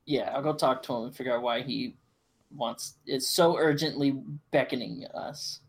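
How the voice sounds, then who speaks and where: A man's voice: medium pitch, moderate pace. A man playing a tabletop game, answering in a flippant, sarcastic way. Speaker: player. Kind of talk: casual tabletop role-play.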